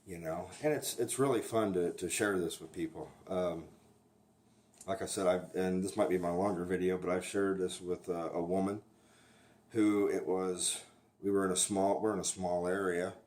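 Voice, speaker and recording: Deep-voiced man talking recovery, halting and blunt. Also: fairly even intonation, darkish tone. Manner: halting, with frequent restarts and "you know" fillers; blunt and plainspoken. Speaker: recovery sponsor sharing his experience. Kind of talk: candid informal talk to camera.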